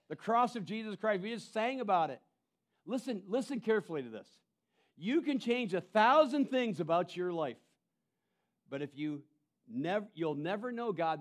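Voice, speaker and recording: A man preaching a sermon as pastor, moving between emphatic calls and quiet, intense asides, often repeating and restarting phrases. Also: high voice, expressive, normal speed.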